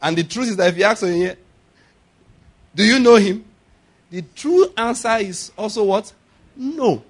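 Man, preacher, sermon, high voice, frequent laughter, shouted declarations. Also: expressive, normal speed.

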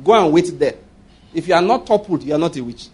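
A Nigerian-accented man preaching with a high, husky voice that swings widely in pitch. He mixes playful storytelling with firm, preacherly declarations. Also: animated, fast, a little mellow. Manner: humorous, storytelling, laughs often. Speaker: pastor. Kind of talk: sermon.

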